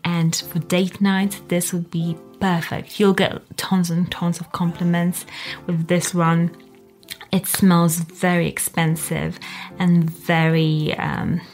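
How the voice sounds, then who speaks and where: A young woman doing a casual countdown review of fragrances, talking in a gushing, enthusiastic way with lots of fillers. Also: on the low side.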